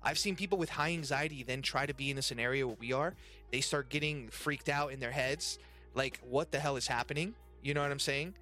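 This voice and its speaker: A man hosting a casual podcast chat, animated and profane, with lots of slang. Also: mid-range voice, brisk, faint music behind. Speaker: podcast host and restaurant worker. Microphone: webcam and desk mic.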